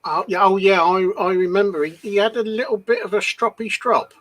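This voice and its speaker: A man's voice: high voice, steady tone, a little fast, fairly bright tone, rough recording. A man co-hosting a casual live-stream chat, agreeable, with many short yeahs. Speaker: co-host.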